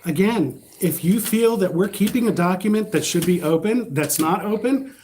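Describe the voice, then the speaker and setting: A man in an official role answers curtly and dismissively. His voice sits high but sounds mellow and dark in tone. A faint hum of noise runs underneath. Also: expressive, moderate pace. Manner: curt, dismissive.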